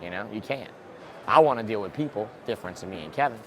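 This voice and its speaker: A man's voice: lowish voice, quick pace, a little hiss or hum. A man guest in a casual interview, a reptile breeder who talks bluntly and swears freely, recorded outdoors. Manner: blunt, profane and excitable.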